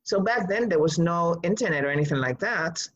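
A woman from Rico, telling a personal story in an animated, emphatic way. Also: on the low side, brisk, lo-fi sound. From Puerto Rico.

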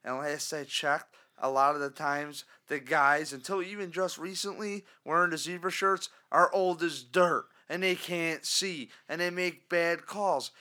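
Bright-voiced man ranting on a podcast. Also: sits high, clear, resonant tone. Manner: ranting, animated, mock caller impressions. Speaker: podcast co-host. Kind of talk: casual sports podcast chat.

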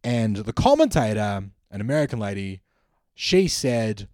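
A man's voice: fairly low pitch, sing-song, measured pace, darkish tone, no echo, studio quality. An Australian man, a comedian hosting his podcast, talking through a wry, musing monologue and correcting himself as he thinks aloud. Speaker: comedian host.

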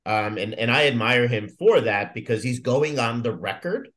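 A man's voice: medium pitch, animated, normal speed, a bit bright. A man, a Marine veteran, talking reflectively in a casual podcast conversation, with many fillers and restarts.

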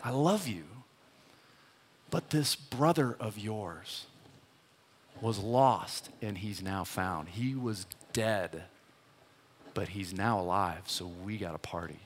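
A man voicing a loving older father who welcomes his lost son home, speaking with warmth and devotion. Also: fairly low pitch, slow pace, long pauses, slight background noise, pitched below the performer's own voice. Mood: tender. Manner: eager and urgent, then tender and hushed. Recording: long hall reverb.

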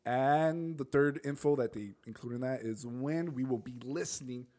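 A man's voice: mid-range voice, normal speed, dark tone. Casual, swearing podcast guy. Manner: laughs often, restarts, swears casually. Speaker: podcast co-host. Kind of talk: casual chat, reading notes.

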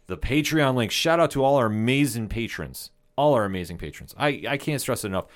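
An energetic man hosts a sports podcast, sounding amped up and a little loud. His voice sits at an ordinary male pitch, and he talks with easy, excited momentum. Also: a little fast. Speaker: podcast host.

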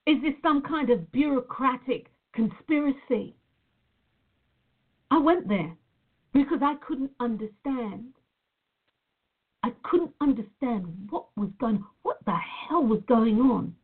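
Woman, somewhat high voice, earnest, reflective, repeats herself, phone-like sound. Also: animated, slow pace, long pauses, breathy edge. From Nevada, USA. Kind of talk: personal monologue to viewers.

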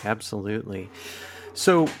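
A man hosting an interview, listening calmly and asking casual questions. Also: fairly low pitch, measured pace, slight background noise. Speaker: host.

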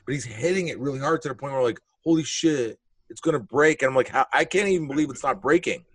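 Animated profane man telling a story. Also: mid-range voice, fast talker, husky, no echo. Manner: animated, profane, acts out quotes. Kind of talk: casual storytelling chat.

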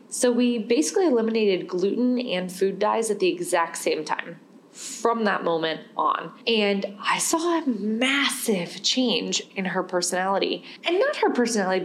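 A young woman hosts a podcast in a medium-pitched voice, sharing a personal story candidly and loosely, with occasional laughter. There's a slight hiss or hum on the recording.

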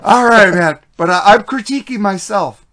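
Blunt, high-voiced swearing podcast man. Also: sharp tone. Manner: blunt, profane, quick to laugh. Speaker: podcast co-host. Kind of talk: casual album review chat.

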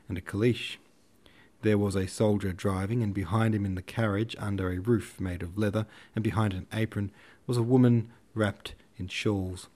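A man's voice: fairly low pitch, warm tone. A man narrating a classic novel in a slangy, irreverent retelling. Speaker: audiobook narrator. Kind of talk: casual audiobook narration.

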